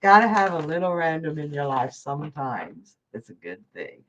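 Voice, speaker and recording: A woman's voice: low-pitched, big pitch swings, normal speed, dull audio, a little hiss or hum. A woman from Georgia, hosting a live psychic stream and chatting effusively with viewers, laughing often. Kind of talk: casual live-stream chat reading viewer comments.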